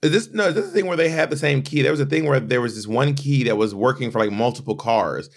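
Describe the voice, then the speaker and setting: A podcast co-host with a medium-pitched voice talks fast in casual chat. He's chatty and opinionated and frequently restarts his sentences.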